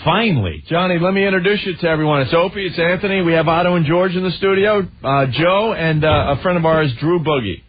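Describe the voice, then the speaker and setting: A man's voice: a little high, husky, highs cut off. A man hosting a radio show, joking and laughing a lot in casual banter. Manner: joking, laughs often, does quick impressions.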